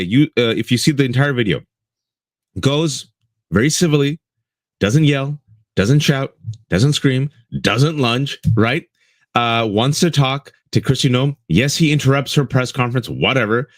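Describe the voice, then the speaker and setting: A man's voice: mid-range voice, animated, normal speed, no echo, clean studio sound. Guy co-hosting a political talk stream, fired up, keeps saying folks, voice swings up and down a lot. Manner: emphatic, repeats lines for effect, addresses listeners as folks. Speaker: co-host. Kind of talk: impassioned political commentary.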